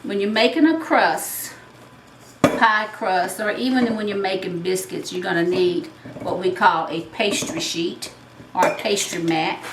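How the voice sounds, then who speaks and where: A woman's voice: on the low side, measured pace, heavy background noise. A woman with a Southern US accent hosting a home cooking show, explaining each step in a chatty way. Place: home kitchen. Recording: roomy, mic at a distance.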